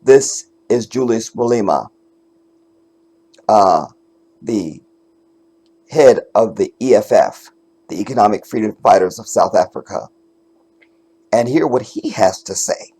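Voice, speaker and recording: A man's voice: lowish voice, animated, unhurried, long pauses, mellow, breathy edge. A man hosting casual reaction commentary, talking emphatically and with swearing straight to his viewers. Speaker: commentator host.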